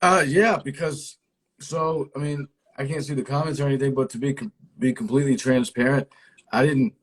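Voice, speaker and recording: A man's voice: mid-range voice, steady tone, normal speed, rough recording. A man from the East Coast of the US, talking frankly and emphatically with lots of slang in a casual conversation. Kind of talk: casual chat.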